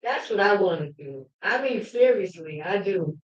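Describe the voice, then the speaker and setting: A woman's voice: medium pitch, animated, moderate pace. Fervent woman livestreaming, roomy lo-fi sound. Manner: emphatic, swings into shouting. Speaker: livestream host. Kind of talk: fervent personal storytelling. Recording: roomy, dull lo-fi livestream audio.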